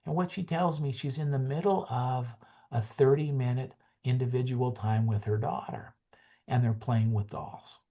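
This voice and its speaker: A man presenting a webinar, closing with an earnest, gentle story and dropping into soft hushed passages. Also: mid-range voice, fairly even intonation, normal speed, highs cut off. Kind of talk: heartfelt closing talk with a story.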